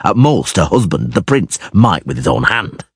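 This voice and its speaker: Storybook monster hunter, gruff and curt, lowish husky voice, as a man reads him. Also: big pitch swings, normal speed, no room sound, heavily acted. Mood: stern. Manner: stern, dry, curt. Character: gruff, stern, weary male monster hunter.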